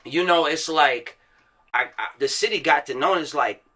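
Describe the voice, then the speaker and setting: Southern rapper guy as interview guest, swears freely, acts out quotes, tense bright tone. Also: on the high side, moderate pace. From Virginia and Florida, USA. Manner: profane street slang, acts out quotes. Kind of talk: casual storytelling interview.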